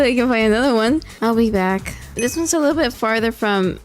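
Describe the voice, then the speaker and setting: A young woman with a fairly high voice chats casually over her gameplay, tired at a late hour. She pleads and sighs in exasperation and laughs often, and faint music plays under her voice. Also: brisk, hardly any pauses. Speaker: gaming vlogger.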